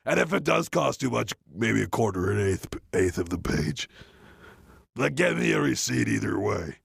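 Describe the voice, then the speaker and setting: A man giving a rambling, deadpan comic monologue full of restarts and asides, close to the mic. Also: lowish voice, measured pace, creaky, husky, dry recording. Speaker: comedian doing a parody reading.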